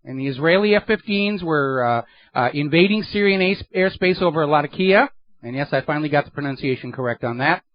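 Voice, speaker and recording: A man's voice: fairly high pitch, expressive, brisk, no room sound, muffled recording. A man hosting a political talk radio show, delivering an emphatic, sardonic monologue into a studio microphone.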